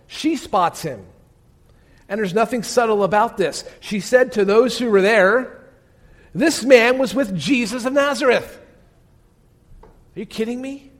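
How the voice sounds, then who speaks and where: High-voiced guy preaching, dramatic storyteller, goes quiet a lot, asks the room questions. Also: expressive, moderate pace. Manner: dramatic storytelling, dropping to hushed tones; asks the listeners direct questions. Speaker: pastor. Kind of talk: sermon.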